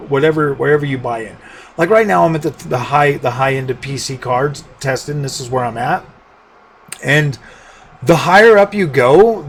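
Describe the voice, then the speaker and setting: A man's voice: fairly high pitch, a little hiss or hum. A man talking casually as a tech YouTuber, rambling with frequent restarts and dry sarcasm. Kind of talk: casual talking-head commentary.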